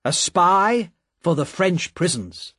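A man voicing a calm, polite gentleman who speaks firmly and evenly. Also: high-pitched, slightly rough, dry recording, studio quality, pitched above the performer's own voice, full character voice. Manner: measured, polite, firm.

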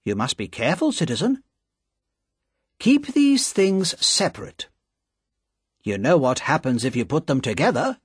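A wary shopkeeper giving careful warnings, as a man reading the tale puts him on. The voice is raised and husky, and it comes across slow and dry. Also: a little high, very animated, dry recording, pitched above the performer's own voice, exaggerated voice. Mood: cautious.

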